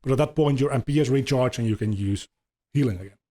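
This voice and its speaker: Rambling, swearing man explaining game lore casually, mellow and mid-pitched. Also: fast talker. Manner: rambling, swearing, many ums. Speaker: podcast host.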